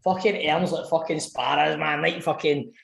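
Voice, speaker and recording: A man's voice: a little high, steady tone, normal speed, creaky, a bit bright, roomy sound. A Scottish man in his thirties, co-hosting a podcast and telling a sweary, laughing story in casual chat. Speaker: podcast co-host.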